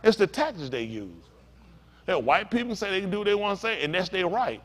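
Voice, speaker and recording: A man's voice: high-pitched, animated, fairly quick, fairly bright tone. A male pastor teaching a sermon in a conversational storytelling way, talking straight to the congregation.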